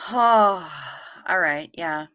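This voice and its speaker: A woman's voice: fairly low pitch, sharp tone, dry recording. A woman hosting a live stream, chatting casually as she reads viewer comments aloud, wry and given to swearing and giggling.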